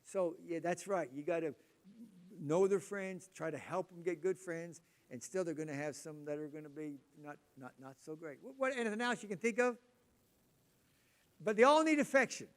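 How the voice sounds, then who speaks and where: An older man with a drawl preaches to his congregation in a loose, conversational way. He stumbles over and repeats his words, and he breaks off to ask the room questions. His voice sits a little higher than most men's. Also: normal speed. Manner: rambling, repeats words, chatty asides to the audience. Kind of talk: casual sermon talk.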